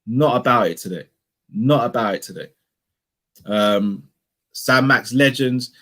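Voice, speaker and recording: A man's voice: medium pitch, unhurried, sharp tone. A young man hosting a live fan reaction stream, ranting heatedly and repeating himself for emphasis. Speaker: fan channel co-host. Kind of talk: live post-match reaction rant.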